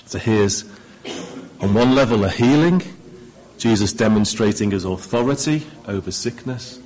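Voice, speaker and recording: A man preaching a sermon, expressive, with dramatic pauses and key words trailing off low. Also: low-quality recording.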